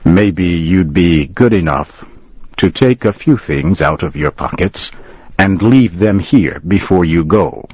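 A man voicing a little gray-haired older shop owner who speaks quietly, coldly and sarcastically. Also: low voice, lively intonation, takes it slowly, breathy edge, no echo, muffled recording, full character voice. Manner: quiet, cold, sarcastic questioning.

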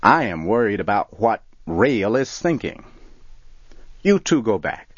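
A man voicing a caring, steady cowboy who calls out slowly, in a dull lo-fi recording. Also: lowish voice, breathy edge, dry recording, voice pushed up, heavily acted. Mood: gentle. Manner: calls out loud and slow.

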